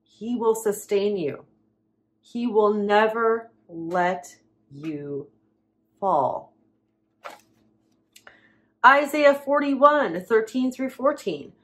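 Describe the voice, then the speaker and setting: A woman preaching, reading Bible verses aloud with slow emphasis and dramatic pauses. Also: mid-range voice, expressive, a bit bright.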